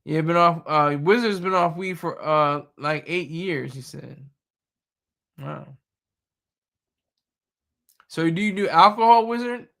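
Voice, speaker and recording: Gravelly, laughing young man on a livestream. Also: on the high side, slow pace, pauses often, a bit bright. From Delaware. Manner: joking, laughs often, rambling. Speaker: livestream host. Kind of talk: casual live chat.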